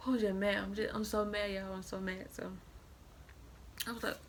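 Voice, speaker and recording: Girl, 18, vocal fry all over, rambly storytime, cars + noise in back. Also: medium pitch, little pitch movement, a little fast. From Atlanta, Georgia. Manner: rambling, repeats filler "or whatever". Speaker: vlogger. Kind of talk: storytime vlog.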